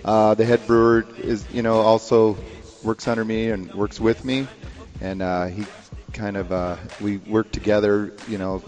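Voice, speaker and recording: A man's voice: fairly low pitch, little pitch movement, a little slow, darkish tone, soft background music. Easygoing male brewer in reverb. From Montana. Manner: easygoing, short answers, many fillers. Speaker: guest brewmaster. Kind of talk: casual radio interview.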